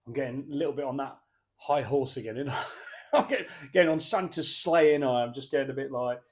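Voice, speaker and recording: A man's voice: medium pitch, fairly even intonation, quick pace. A man reviewing a beer on camera in a casual, rambling way, often correcting himself mid-sentence. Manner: rambling, chatty, self-correcting. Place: pub.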